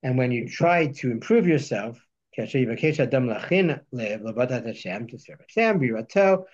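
A man teaching a text study lesson, reading Hebrew verses slowly and then explaining them. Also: medium pitch, expressive, darkish tone, highs cut off. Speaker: Torah teacher.

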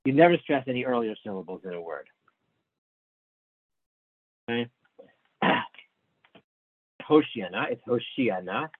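A man teaching a small class over a video call, his voice thin and phone-like with no room sound around it. He explains step by step at a middling pitch, often breaking off and restarting mid-sentence. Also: big pitch swings, normal speed, pauses often, dry recording. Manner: patient explaining, many restarts, addresses students by name. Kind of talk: online study class, explaining Hebrew texts. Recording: narrow phone-like sound, dry.

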